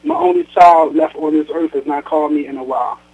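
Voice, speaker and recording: A man's voice: a little high, huge pitch swings, quick pace, slightly rough, exaggerated voice. A man reading as a reproachful, sarcastic old mother. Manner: sarcastic, reproachful, then sweet. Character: stern, guilt-tripping aging mother on the phone. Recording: tinny phone line.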